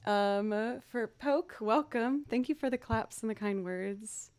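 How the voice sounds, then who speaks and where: Chatty woman streamer, smooth close voice. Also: fairly high pitch, measured pace, a little mellow, no echo. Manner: chatty, upbeat, self-encouraging. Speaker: livestreaming musician. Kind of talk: casual livestream chat.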